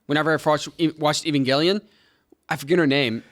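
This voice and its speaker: A man's voice: a little high, brisk, fairly bright tone. A young man co-hosting a podcast in casual chat, rambling and joking and losing his train of thought. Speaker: podcast co-host.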